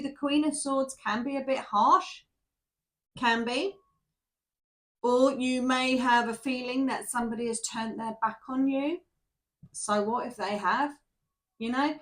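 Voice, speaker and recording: A woman giving a casual tarot reading to camera, chatty and rambling, who keeps checking in with "yeah?". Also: on the high side. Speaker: tarot reader.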